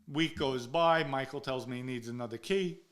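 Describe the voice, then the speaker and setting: A man's voice: medium pitch, moderate pace, a bit bright. Blunt New man telling stories. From New York area. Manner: blunt and profane, acts out quoted dialogue. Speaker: guest recounting his own past. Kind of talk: casual first-person storytelling.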